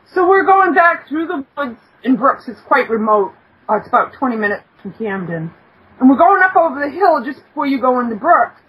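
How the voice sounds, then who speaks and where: Very husky woman, halting storytelling. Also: high-pitched, big pitch swings, highs cut off. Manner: halting, with many fillers, takes corrections from her husband. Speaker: guest, storyteller. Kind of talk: casual storytelling.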